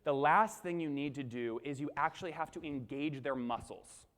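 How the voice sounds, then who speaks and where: A young man with a high, bright voice delivers a punchy keynote, pulling the audience in with quick questions. His voice rings through a big hall with a long reverb tail. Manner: punchy, crowd-engaging, acts out webinar lines. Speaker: keynote speaker. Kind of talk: energetic conference keynote. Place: large conference hall.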